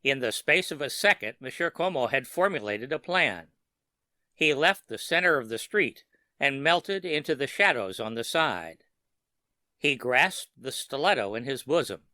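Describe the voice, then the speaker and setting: A man narrating a scripted horror story for sleep in a steady, measured way. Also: medium pitch, no room sound.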